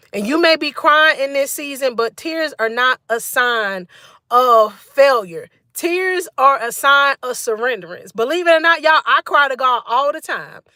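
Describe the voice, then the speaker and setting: A woman preaches on a live stream in a high, bright voice. She exhorts her viewers fervently, repeating her points and dropping in "mm" and "y'all" between lines. The sound is close and dry, with no room around it. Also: expressive, a little slow, no echo.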